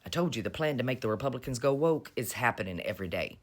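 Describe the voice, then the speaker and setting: A woman's voice: very deep voice, expressive, fast. A woman giving casual, sarcastic political commentary in a mocking, drawling manner. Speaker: vlogger.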